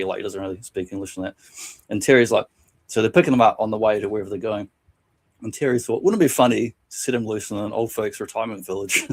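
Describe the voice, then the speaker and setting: A man co-hosting a casual podcast, reading and retelling funny anecdotes from a book, laughing often and doing quick voices for quotes. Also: lowish voice. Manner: laughs often while telling stories, animated voices for quotes. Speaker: podcast co-host.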